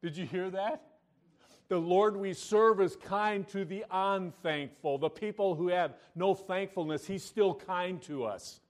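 A pastor preaching a sermon, reading scripture aloud and moving between loud emphatic lines and quiet, intimate asides. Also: male voice, high voice, a little slow. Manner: reads scripture in King James wording.

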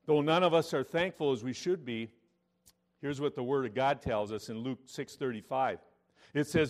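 Preaching man, swinging loud and soft. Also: medium pitch, normal speed. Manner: preaching with swings between loud emphasis and quiet intimacy; reads scripture in King James wording. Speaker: pastor. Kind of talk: sermon.

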